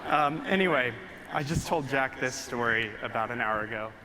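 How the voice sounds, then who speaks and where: A young photographer presenting his work tells an excited, emotional story to a live audience and gets choked up along the way. He speaks at a medium pitch and normal speed. The large hall adds long reverb and faint room noise.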